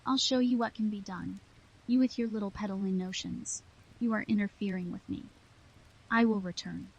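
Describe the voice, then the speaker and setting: Brief: woman voicing a dying man, defiant and grandiose, husky tone, storybook reading. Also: mid-range voice, steady tone, normal speed, dull audio. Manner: pleading then stubborn, insistent.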